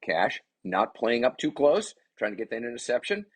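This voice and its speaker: A man giving chatty, excitable play-by-play commentary on his son's game, with rambling asides. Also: medium pitch, normal speed, breathy edge. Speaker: parent commentator.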